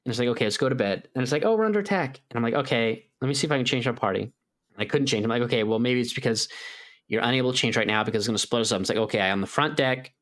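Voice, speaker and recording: A man co-hosts a gaming podcast, talking casually and very fast in a medium-pitched, slightly bright voice with fairly even intonation. He rambles, says "like" a lot, and raises his voice to act out how he reacted.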